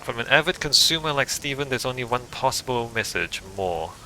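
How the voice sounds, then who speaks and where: A man voicing a suave, smug male drug dealer from a video game, in a smooth, unhurried, self-assured way. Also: medium pitch, expressive, bright, forceful tone, slight background noise, low-quality recording. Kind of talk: reading game dialogue aloud.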